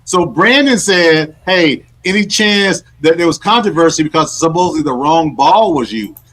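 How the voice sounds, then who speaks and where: A man's voice: a little high, lively intonation, moderate pace, fairly bright tone, slight background noise. A man co-hosting a casual sports talk show, teasing and mock-scolding his partner. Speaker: co-host.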